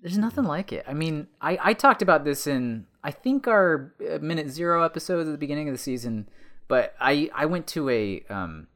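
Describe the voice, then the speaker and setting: A man's voice: a little high, sing-song, brisk, a bit bright. A man co-hosting a film podcast, rambling enthusiastically with frequent restarts. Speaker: podcast co-host. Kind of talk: casual film discussion.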